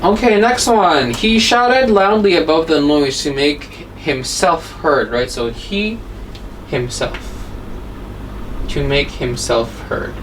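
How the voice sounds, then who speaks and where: Woman teacher going over grammar slowly, kinda far from the mic, faint hiss behind. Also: low voice, expressive. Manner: patient, explaining step by step, asks rhetorical questions. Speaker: English teacher. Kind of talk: online grammar lesson. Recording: distant mic with faint background noise.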